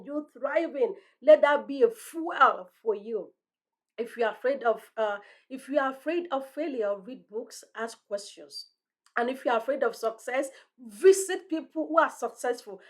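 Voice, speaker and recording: A woman hosting a motivational talk, speaking with a strong, thick accent in an earnest, encouraging way. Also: high-pitched. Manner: earnest, encouraging, ends in prayer. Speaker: motivational podcast host. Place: room lined with bookshelves.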